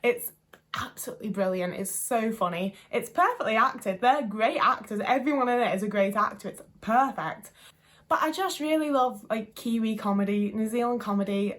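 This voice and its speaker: A woman's voice: on the high side, brisk, a bit bright. A young woman chatting to camera in a rambling, gushing way, swearing casually as she goes. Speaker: vlogger.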